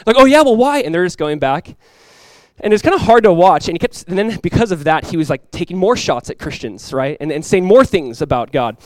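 A young man preaching a sermon as a pastor, telling stories in a casual, animated way with many asides. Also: fairly high pitch, a little fast, no echo.

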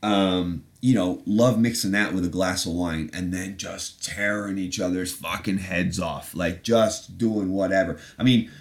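Man, podcast host, very low voice, rambling, sarcastic, profane. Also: steady tone, unhurried, few pauses. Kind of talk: casual chat.

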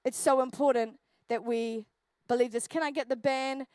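Lady pastor giving a sermon, pretty high voice, dry and close, earnest, goes intense then real quiet. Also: fairly even intonation, moderate pace, dry recording. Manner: earnest, building in intensity then softening to a quiet, intimate delivery. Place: church.

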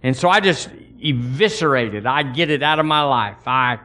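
A man's voice: mid-range voice, animated, normal speed, sharp tone. A man preaching a sermon in a folksy, emphatic way, speaking straight to his congregation and asking them to repeat after him.

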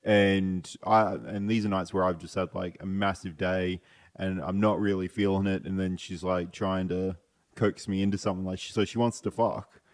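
A deep-voiced man chats as a podcast guest. He talks hesitantly, stopping and restarting as he works through his thoughts. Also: flat delivery, normal speed. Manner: hesitant, full of fillers and restarts. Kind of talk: casual chat.

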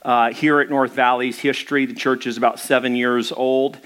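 A man's voice: medium pitch, little pitch movement, moderate pace, a bit bright. A man who is a pastor, telling stories in a casual, rambling sermon with many fillers. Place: church.

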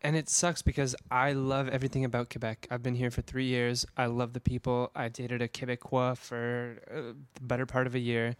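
A man's voice: mid-range voice, flat delivery, brisk, few pauses, smooth, no room sound. Candid man laughing through casual chat. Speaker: podcast co-host.

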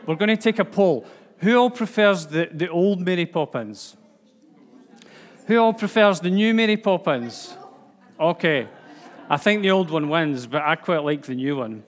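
A man's voice: high-pitched, moderate pace. A man with a Scottish accent giving an informal sermon, chatty, with lots of fillers and restarts. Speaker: preacher. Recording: long hall reverb.

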